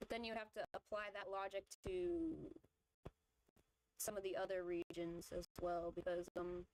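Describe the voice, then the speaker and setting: A woman's voice: fairly low pitch, little pitch movement, moderate pace, darkish tone, a little hiss or hum, rough recording. A woman streamer in casual chat, rambling through her opinions with lots of fillers and restarts. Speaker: vtuber streamer. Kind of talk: casual chat while drawing.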